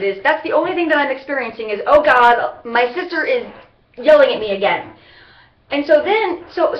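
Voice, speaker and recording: A woman rambles to her camera in a personal vlog, halting and circling back as she talks. Her voice sits a little high. The sound is roomy and muffled, like a cheap webcam in a bare room. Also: fairly bright tone. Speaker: vlogger.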